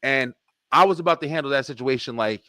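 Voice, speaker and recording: A middle-aged man hosting a podcast, telling stories in an animated, profane way. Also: mid-range voice, quick pace, no echo, clean studio sound. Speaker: podcast host. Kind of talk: casual podcast chat.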